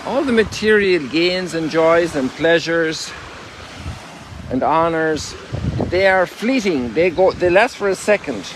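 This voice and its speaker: A man with a somewhat high voice walks along a lakeshore at sunrise, sharing a spiritual reflection as a priest. He dwells on scripture slowly and with emphasis, and breaks off now and then in wonder. Wind and surf are clearly heard behind him. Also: lively intonation. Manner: strolling while talking. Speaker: Catholic priest.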